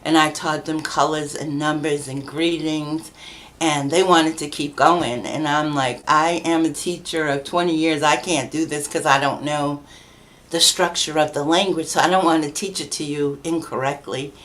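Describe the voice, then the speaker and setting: Middle-aged woman, low voice, chatty storyteller who laughs a lot and plays out the voices of people she quotes; a podcast guest. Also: steady tone, moderate pace, fairly bright tone. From New Bedford, Massachusetts, USA. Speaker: guest, children's book author. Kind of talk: casual conversational storytelling.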